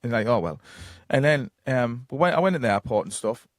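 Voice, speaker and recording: With a medium pitch, lively intonation and a fairly quick pace, a Geordie man from North East England tells rambling stories as a guest psychic medium on a podcast. His anecdotes are long and casual, full of fillers and quoted dialogue, recorded cleanly in a studio with no echo.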